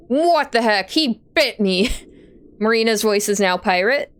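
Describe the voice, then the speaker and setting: A woman's voice: a little high, unhurried, slight background noise. A young woman streaming a game, making goofy, self-amused asides as she plays. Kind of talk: let's-play commentary.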